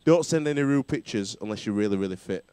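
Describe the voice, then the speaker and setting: A man's voice: on the low side, lively intonation, fast, dark tone, clean tone, dry recording. A man hosting a casual rugby chat show, bantering and laughing often. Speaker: talk show host.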